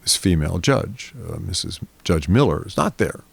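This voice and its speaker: A very low-voiced man with a gravelly, creaky edge tells a winding personal story in relaxed conversation. He slips into other people's voices as he goes. The sound is dry and close. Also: moderate pace, no room sound. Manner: rambling anecdotal storytelling, acts out quoted voices. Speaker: interview guest. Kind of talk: casual storytelling in a therapy interview.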